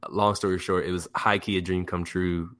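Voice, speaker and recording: A young man telling a story as a guest in a casual interview, rambling and excitable, full of fillers. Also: low-pitched, moderate pace. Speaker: music producer guest.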